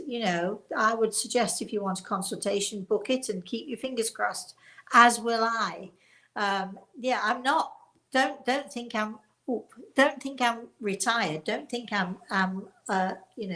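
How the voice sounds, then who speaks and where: Older woman, chatty, hoarse medium host. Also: medium pitch, a bit bright, low-quality recording. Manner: chatty, encouraging and self-deprecating. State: hoarse, voice recovering. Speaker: psychic medium and show host. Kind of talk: live online call-in talk.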